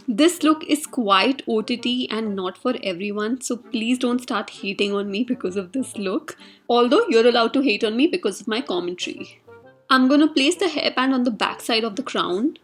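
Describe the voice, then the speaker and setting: A young woman from India talks through a hair tutorial in a scripted voice-over, close to the mic. Her voice sits a little high, and she tosses in dry, teasing jabs at the viewer between the steps. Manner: sarcastic, teasing asides to the viewer. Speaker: beauty vlogger.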